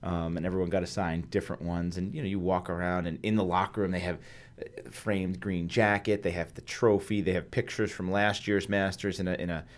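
A man with a lower-pitched voice tells a story in a relaxed podcast chat. He talks animatedly and slips into the voices of the people he quotes. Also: brisk. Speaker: host.

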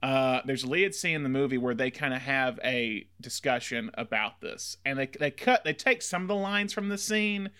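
A man co-hosting a podcast, chatting casually about a film in quick, animated run-on recaps. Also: medium pitch, clear, resonant tone. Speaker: podcast co-host.

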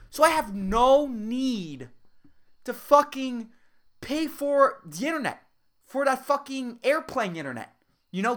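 A woman hosting a comedy podcast on her own, ranting with heavy swearing, swinging between loud outbursts and muttered asides. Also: on the high side. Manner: profane, heated ranting. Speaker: podcast host. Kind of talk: comedic solo podcast rant.

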